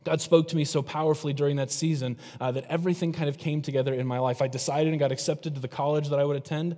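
A middle-aged man delivers a sermon as a pastor, speaking in a fairly high voice. His preaching is conversational and full of rhetorical questions to the congregation. His voice rings with a long reverb, as if he is in a large church hall. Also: fairly even intonation, fast, mellow.

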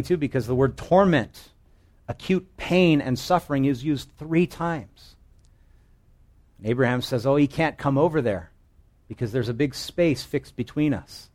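Earnest male pastor preaching a sermon. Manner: earnest, emphatic, shifts between loud stress and hushed low lines.

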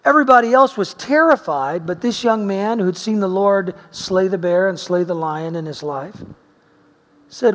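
A male pastor from Oregon telling a personal story in his sermon, animated, swinging between loud emphasis and quiet asides. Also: high voice, moderate pace. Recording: long reverb of a large hall.

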